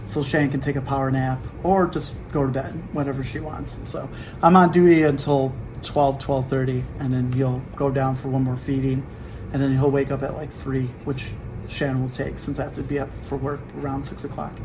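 A young man hosting a casual podcast from home, telling a story in an animated way and acting out quick quotes. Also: medium pitch, noisy background. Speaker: podcast host. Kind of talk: casual chat.

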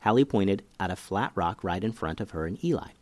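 Male kids' podcast narrator, lively delivery, dry close sound. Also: deep voice, fairly quick, dry recording. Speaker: podcast host and storyteller. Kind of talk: children's story narration.

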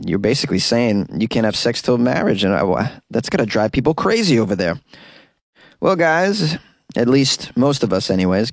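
A man's voice: mid-range voice, dry recording. A man hosting a comedy podcast, riffing in a jokey, rambling, self-mocking monologue on a close mic.

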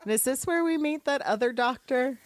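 A woman's voice: high-pitched, a little fast, noisy background. A woman co-hosting a casual rewatch podcast, gushing about characters, swearing casually and laughing often. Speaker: podcast co-host.

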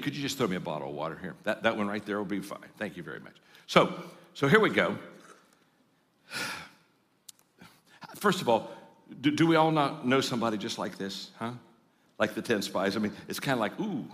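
A man's voice: on the low side, a bit bright, big-room sound. A man telling a long humorous story in a sermon-style talk, with frequent stammered repeats and casual asides. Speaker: speaker.

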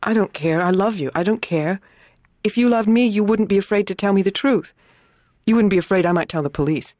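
Voice doing an earnest young schoolteacher woman, direct, pressing questions, mid pitch, dry close sound. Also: a little fast, a little mellow, no echo, close to an everyday voice. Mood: hurt, pressing. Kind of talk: dramatized audiobook reading.

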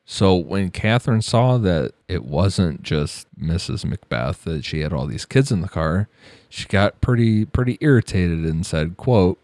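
A man's voice: deep voice, lively intonation, measured pace, darkish tone, dry recording. A man narrating a true crime case on a podcast, with blunt, profane asides.

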